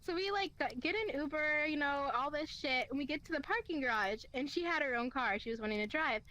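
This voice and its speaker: A woman's voice: sits high, brisk, slight background noise. A young woman in her twenties telling a wild story in casual chat, swearing often and acting out what people said. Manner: animated, swearing, acts out quotes.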